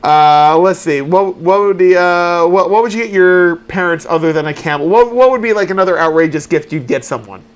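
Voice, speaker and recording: A slightly high-voiced man with a stuffy nose trades jokes on a casual podcast. He rambles, restarting his questions as he thinks aloud. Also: a little fast, hardly any pauses, clean tone. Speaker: co-host.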